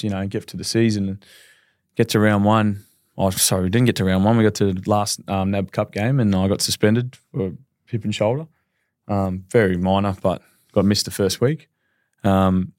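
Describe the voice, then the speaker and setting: A man's voice: lowish voice, darkish tone, no room sound, clean studio sound. A man in his thirties with an Australian accent, a footballer telling his story as a podcast guest in a candid, rambling way. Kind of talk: casual podcast interview.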